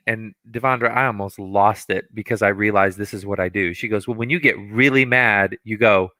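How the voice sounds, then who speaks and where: Male host, bright dry voice, acts out quotes in his stories. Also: medium pitch, fairly quick, few pauses, no room sound. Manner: animated storyteller, acts out quotes, laughs often. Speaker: podcast host, music teacher. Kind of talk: casual conversation.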